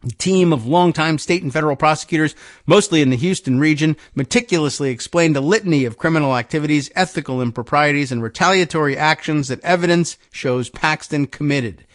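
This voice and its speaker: A man's voice: fairly high pitch, fairly quick, no echo, studio quality. A male host reading news aloud and breaking in with wry, sardonic asides.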